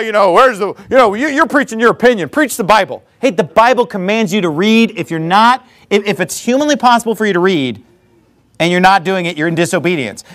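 A male pastor preaching with a high, lively voice that leaps up and down in pitch. He delivers the sermon animatedly, mixing scripture with mocking jabs and laughter.

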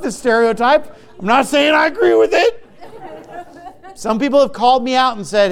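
High-voiced pastor preaching a combative sermon. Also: male voice, normal speed, some chatter behind. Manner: lively, swings between loud and quiet.

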